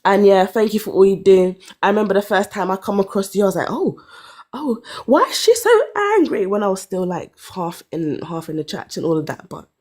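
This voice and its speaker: A woman's voice: mid-range voice, quick pace, few pauses. Candid woman in her thirties. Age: 30s. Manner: candid, animated storytelling with sighs and laughs. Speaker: caller. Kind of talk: casual chat.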